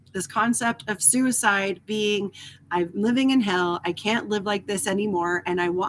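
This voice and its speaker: A woman hosting a casual spiritual talk who talks in an animated way, swears freely and acts out inner voices. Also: mid-range voice, slight background noise. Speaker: host.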